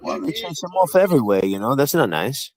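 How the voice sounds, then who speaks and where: A man's voice: medium pitch, sing-song, fairly quick, no echo, low-quality recording. A man hosting a livestream panel, talking in a profane, taunting and combative way. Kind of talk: heated livestream panel chat.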